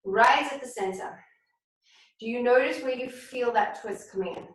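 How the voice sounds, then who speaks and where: High-voiced woman leading yoga in echo. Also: normal speed. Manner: calm, instructive cueing of poses and breath. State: somewhat out of breath. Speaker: yoga teacher. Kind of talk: guided yoga class instruction. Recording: very echoey room, voice from far off.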